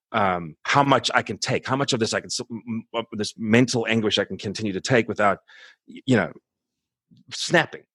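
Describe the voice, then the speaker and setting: A man in his forties talking candidly in an interview, halting and subdued, with many restarts as he searches for words. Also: mid-range voice, fairly bright tone, no room sound. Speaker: musician guest.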